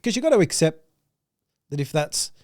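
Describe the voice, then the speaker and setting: A casual interview host who asks curious, slangy questions in a mid-pitched, easygoing voice. The sound is dry and close, with no echo around it. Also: very animated, normal speed, a little mellow.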